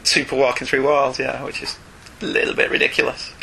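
A man's voice: mid-range voice, completely flat delivery, fairly quick, creaky, bright, forceful tone, slightly rough. A man co-hosting a casual podcast, reading listener letters aloud and adding his own chatty asides. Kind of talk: casual chat.

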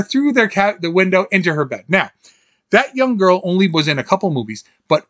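Man, podcast host, high voice, dry sound, animated casual recap, laughs often. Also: no room sound. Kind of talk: casual film recap chat.

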